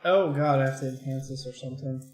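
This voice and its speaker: A man's voice: medium pitch, steady tone, fast talker. A man co-hosting a casual chat, joking and acting out quoted voices. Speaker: co-host. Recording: echoey room, faint music.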